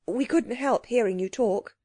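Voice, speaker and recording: A woman's voice: a little high, a little slow, warm tone, breathy edge, no room sound, clean studio sound. A woman voicing a boy who speaks curtly and grumpily. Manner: curt, grumpy. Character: boy Cyril, curt and sulky.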